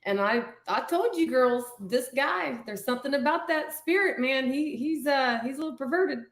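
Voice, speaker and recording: A woman with a fairly high voice chats and reacts freely in an easy back-and-forth. She is a paranormal investigator talking about a hunt. Her voice rings out in a roomy, echoing space. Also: animated, moderate pace. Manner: chatty, reactive. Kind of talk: casual chat. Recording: roomy echo.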